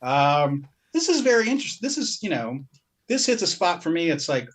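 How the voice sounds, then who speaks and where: A man's voice: fairly high pitch, very animated, a little fast, noisy background. A man co-hosting a podcast, chatting casually about his purchases, rambling and breaking off mid-sentence with frequent laughs. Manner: rambling, self-interrupting, laughs often. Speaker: podcast co-host.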